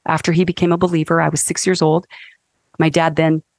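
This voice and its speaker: Animated, emphatic woman counselor, dry sound. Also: low-pitched, fairly quick, no echo. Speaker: counselor and guest speaker. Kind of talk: faith-based podcast interview.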